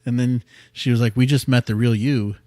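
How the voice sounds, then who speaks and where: Man in his thirties, podcast host, mid-pitched voice, earnest rambling story, dead dry close mic. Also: fairly even intonation, moderate pace, no echo. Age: 30s. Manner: rambling, earnest, often drops quiet. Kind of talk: personal storytelling. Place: small studio room.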